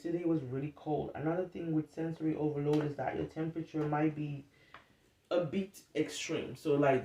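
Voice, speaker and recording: A woman's voice: low voice, warm tone. Woman, casual self-help vlog, candid and rambling, swears a lot, distant mic, echoey room. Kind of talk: unscripted casual monologue. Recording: roomy, distant mic, faint noise.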